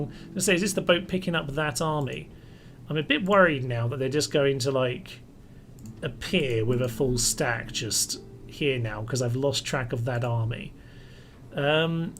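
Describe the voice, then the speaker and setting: A man giving casual, wry commentary as he plays a strategy game, thinking aloud and mildly exasperated by setbacks. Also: fairly bright tone. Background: faint music and air conditioner rumble.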